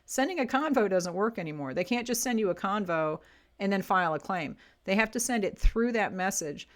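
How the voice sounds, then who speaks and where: A woman's voice: medium pitch, animated, fairly quick. A woman talks straight to camera, coaching online sellers in a casual, chatty way. She is plainspoken and often restarts or corrects herself mid-sentence as she explains. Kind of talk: casual advice talk to camera.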